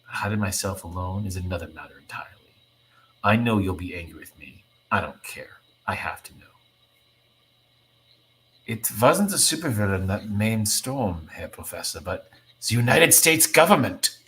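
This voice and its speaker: A man's voice: fairly low pitch, big pitch swings, normal speed, a bit bright, rough recording. A man voicing a weary, disillusioned male mutant hero who has lost faith in the cause, read aloud with impassioned conviction. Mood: hushed.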